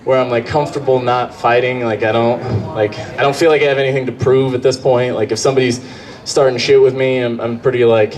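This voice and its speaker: A man's voice: mid-range voice, fairly quick, darkish tone. A man from Colorado doing live stand-up comedy on a club stage, rambling, profane and self-mocking. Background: audience laughter.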